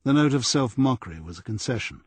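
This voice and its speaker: Husky male narrator, mid pitch, dry close-mic crime reading. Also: animated, fast talker, darkish tone, no echo. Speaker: audiobook narrator. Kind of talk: scripted narration.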